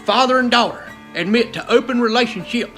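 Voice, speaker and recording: A man with a thick South Carolina accent rants through a stand-up bit in a very high, bright voice. He talks in a rowdy, exasperated hillbilly drawl. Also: fairly quick, faint music behind. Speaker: stand-up comedian. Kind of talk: stand-up comedy rant.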